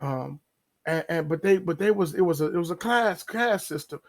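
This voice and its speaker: A man holds forth on a podcast in a voice pitched a touch higher than most men. He talks loosely and conversationally, slowing down to drag out key words and slipping into quick acted-out asides. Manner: animated, drawn-out emphasis and acted-out asides. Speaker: podcast host. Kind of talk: casual religious commentary.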